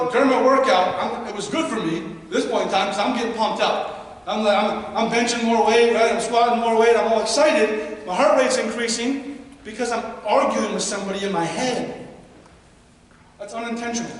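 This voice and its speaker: At a youth baseball seminar, a guest speaker with a very high voice energetically motivates young ballplayers and their parents, constantly drawing the room in with questions. The mic is far from him, and a long, booming echo from the hall follows each phrase.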